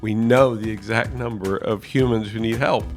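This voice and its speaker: A man's voice: on the low side, steady tone, moderate pace, soft background music. A man co-hosting a podcast, talking in an emphatic, encouraging way. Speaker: podcast co-host. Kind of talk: casual podcast chat.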